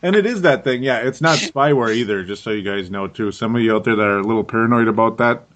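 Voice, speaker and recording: A man's voice: fairly low pitch, fast talker, fairly bright tone, a little hiss or hum. A middle-aged man hosting a casual sports podcast, tired and rambling, laughing often and repeating words. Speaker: podcast host.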